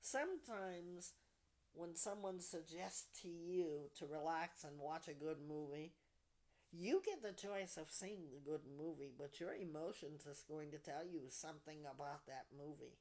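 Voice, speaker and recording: A woman hosting a support group session, speaking softly and deliberately, often trailing off into near whispers. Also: deep voice. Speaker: podcast host leading a support group. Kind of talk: reflective talk to a group.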